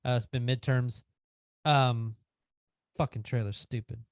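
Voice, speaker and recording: A man's voice: medium pitch, fairly even intonation, a little slow, no echo, studio quality. A young man co-hosting a casual podcast, blunt and swearing. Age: young adult. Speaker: podcast co-host. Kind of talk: casual chat.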